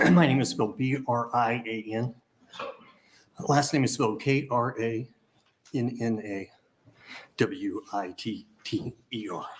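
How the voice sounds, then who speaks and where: A man reading formal testimony at a legislative committee hearing, audibly out of breath and clearing his throat between passages. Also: medium pitch, fairly even intonation, a little hiss or hum, rough recording. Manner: reads prepared remarks, pauses to clear throat. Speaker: advocacy testifier.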